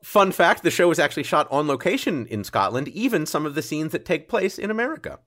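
A playful man hosting a trivia quiz. His pitch sits a little high and swings widely as he reads out questions. He laughs often between lines. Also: big pitch swings, quick pace, a bit bright. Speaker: quiz show host. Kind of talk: hosting a comedy trivia podcast.

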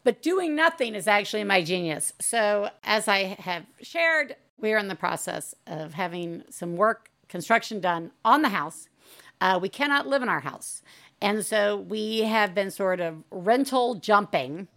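A woman's voice: medium pitch, animated, unhurried, gravelly, fairly bright tone. A woman hosting a podcast in casual chat, talking candidly and animatedly and swearing freely. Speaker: podcast host.

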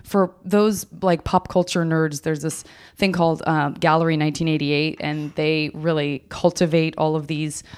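An American woman hosts a relaxed podcast chat. Her voice sits on the lower side, and she rambles a little, with ums and restarts as she goes. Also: moderate pace, smooth. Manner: rambling, many fillers and restarts. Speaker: podcast host. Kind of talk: casual interview chat.

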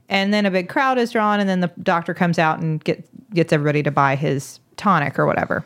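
A woman's voice: lowish voice, fast, hardly any pauses. Brief: woman podcast host, casual storyteller, giggles often, chatty and amused.

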